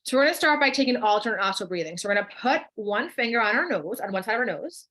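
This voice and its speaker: A woman's voice: on the high side, animated, fast, hardly any pauses, bright, forceful tone. A woman with a New Jersey accent co-hosting a live online wellness workshop, chatting through viewer comments and guiding breathing exercises over a computer mic. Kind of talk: live webinar, reading chat replies.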